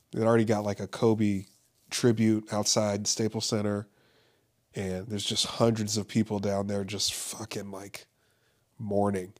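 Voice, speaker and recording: A young man holds forth in a loose, rambling monologue, his voice sitting a little on the low side. He swears freely and trips over restarts and fillers as he talks. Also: darkish tone. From Los Angeles. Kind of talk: casual monologue.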